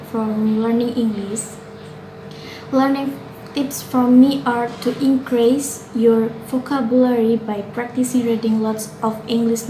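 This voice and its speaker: A woman's voice: fairly high pitch, dark tone. Earnest Indonesian-accented young woman student. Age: young adult. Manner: earnest, with occasional slips and self-corrections. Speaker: student presenter. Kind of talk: reading a prepared class reflection. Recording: roomy, with faint noise.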